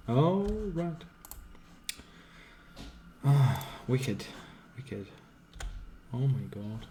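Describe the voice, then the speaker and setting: A man's voice: medium pitch, expressive, drawn-out words, pauses often, warm tone, slight background noise. A man streaming a video game, thinking aloud and swearing freely in casual commentary.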